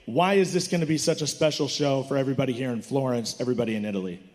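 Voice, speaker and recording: A man's voice: mid-range voice, rapid-fire, a little mellow, big-room sound. A man hosting a fight press conference, asking fighters questions in an enthusiastic, hyping manner. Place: hotel conference hall.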